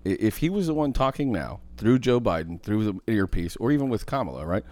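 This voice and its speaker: A man co-hosting a podcast in casual chat, blunt and profane, thinking out loud as he talks. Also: on the low side, big pitch swings, brisk, no echo. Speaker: podcast co-host.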